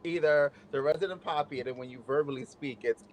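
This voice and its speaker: A man's voice: fairly high pitch, fast talker. A man speaking as a panelist on a casual talk show, bubbly and enthusiastic. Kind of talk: casual chat.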